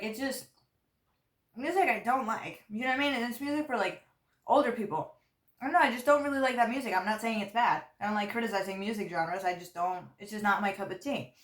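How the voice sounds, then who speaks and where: A woman's voice: medium pitch, echoey room. A young woman telling a story in a casual vlog chat, rambling and full of fillers while she chews her food. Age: young adult. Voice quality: loose, rambling, heavy on "like" fillers. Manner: chatty, talks while chewing food. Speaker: vlogger.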